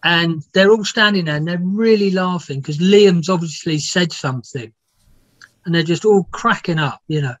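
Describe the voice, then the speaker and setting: A man's voice: high voice, normal speed, no room sound. A man, a music biographer, telling rambling, laughing anecdotes with some swearing in a casual interview. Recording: dull, dry lo-fi sound.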